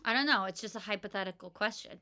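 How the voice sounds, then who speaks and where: A woman's voice: mid-range voice, fast, pushed and bright. A young woman co-hosting a casual podcast chat, giggly and opinionated with a playful manner. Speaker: podcast co-host.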